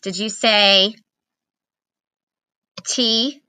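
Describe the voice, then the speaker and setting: Lady teacher doing a kids phonics lesson, super slow and patient, bright voice. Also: medium pitch, steady tone, clear, resonant tone, dry recording. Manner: slow, patient, sounding out letters. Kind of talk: remote phonics lesson for children.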